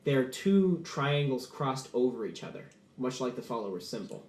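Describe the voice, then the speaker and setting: A man's voice: mid-range voice, sing-song, normal speed, darkish tone. A man narrating as game master, describing scenes with hesitant fillers. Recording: roomy echo.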